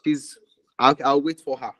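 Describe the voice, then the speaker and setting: A man's voice: mid-range voice, fairly even intonation, normal speed, bright, forceful tone, no echo, low-quality recording. A man ministering prophetically over a call, declaring fervently with much repetition and sometimes dropping to a whisper.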